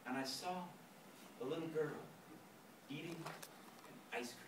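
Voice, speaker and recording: A man telling a personal story live, animated and given to imitating animal and singing sounds. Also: on the high side, slow pace. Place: lecture room. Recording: echoey room, distant mic, background noise.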